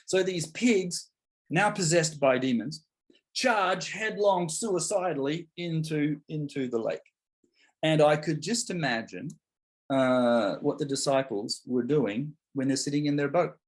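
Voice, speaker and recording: Husky-voiced man preaching a sermon. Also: a little high, a little slow. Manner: conversational, animated, acts out voices of biblical figures. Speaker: pastor. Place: church.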